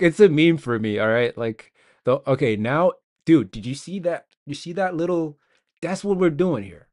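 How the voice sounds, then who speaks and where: A man's voice: fairly high pitch, expressive, normal speed, darkish tone. A young man streaming live as a game developer, rambling and joking at himself while he codes. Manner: rambling, self-mocking, talks to himself while coding. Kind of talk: casual live-stream coding chat.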